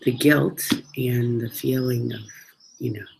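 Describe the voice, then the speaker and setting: A woman chatting casually about her travels, animated and acting out the dialogue as she tells each story. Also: very deep voice, unhurried, creaky, noisy background.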